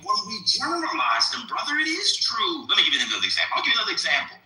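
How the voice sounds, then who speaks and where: Guy ranting on a live stream, super bright voice, pitch all over the place, echoey room. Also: very fast, vocal fry, faint music behind. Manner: animated, provocative, swings loud to soft. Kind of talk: crude casual live-stream debate.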